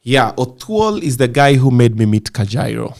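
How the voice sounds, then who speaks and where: A man with a Kenyan accent, a comedian chatting as a guest in a relaxed interview, telling stories in a lively way and laughing often. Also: medium pitch, normal speed, gravelly. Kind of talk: casual interview chat.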